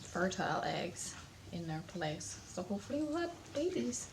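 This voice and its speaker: A woman's voice: fairly low pitch, very animated, moderate pace, heavy background noise. A woman chatting casually on a family vlog, explaining things with plenty of restarts. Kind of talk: casual chat.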